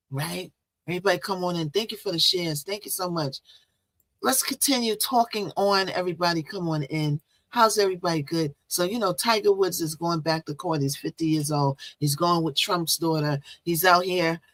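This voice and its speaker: A woman's voice: no echo, poor audio. Teasing woman hosting a gossip livestream. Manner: teasing, loud sudden jumps in pitch; chatty, repetitive. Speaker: live-stream show host. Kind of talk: casual live-stream gossip talk.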